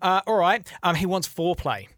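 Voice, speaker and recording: A young man, joking and laughing through a casual podcast chat. His pitch jumps around a lot as he talks. The sound is dry and close, with no room echo. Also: a little fast. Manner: animated, laughing, crude jokes. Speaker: podcast co-host.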